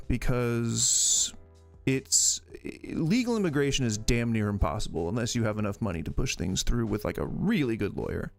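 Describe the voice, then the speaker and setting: A man hosting a live stream, giving casual, opinionated reaction commentary and arguing his points in long, rambling stretches. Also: mid-range voice. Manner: opinionated, argumentative, rambles with restarts. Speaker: streamer host reacting to videos.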